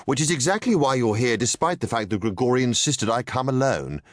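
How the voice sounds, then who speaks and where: A male narrator voicing a calm, authoritative middle-aged villain mastermind who speaks in a measured, commanding way. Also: mid-range voice, no room sound, studio quality, voice pushed up, lightly acted. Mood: stern.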